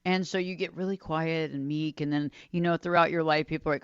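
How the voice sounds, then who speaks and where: A woman's voice: low-pitched, steady tone, fairly quick, hardly any pauses, clean tone, no room sound, highs cut off. A woman hosting a radio talk show, speaking conversationally, repeating phrases for emphasis. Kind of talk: solo talk radio monologue.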